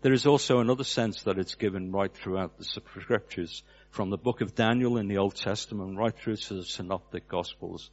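Low-voiced man preaching a sermon, lo-fi sound. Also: moderate pace, few pauses. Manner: storytelling with earnest, dropping cadence. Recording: dull lo-fi recording.

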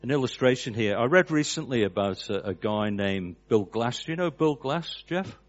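A man's voice: medium pitch, expressive, normal speed. A man preaching a sermon, telling a story with an earnest cadence that drops away at the ends of phrases. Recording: dull lo-fi recording.

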